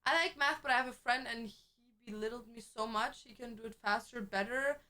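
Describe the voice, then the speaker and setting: A young woman streamer in casual chat, chatty and quick to laugh, swearing freely as she tells stories. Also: fairly high pitch, sharp tone.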